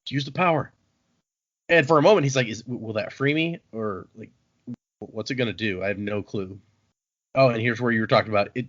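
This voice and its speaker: A man's voice: mid-range voice, a little fast, long pauses. A man casually recaps a book chapter on a podcast and keeps slipping into playful voices for the characters. The audio is a bit dull and lo-fi, like a home recording. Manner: animated, acts out characters' lines. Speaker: podcast host.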